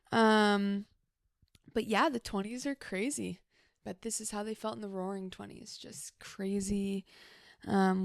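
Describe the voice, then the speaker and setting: A therapist's casual solo podcast chat, recorded in her home office: she rambles, mutters asides to herself, and sounds a bit out of breath. Her mid-range voice carries some vocal fry, and the recording is dry with clean studio sound.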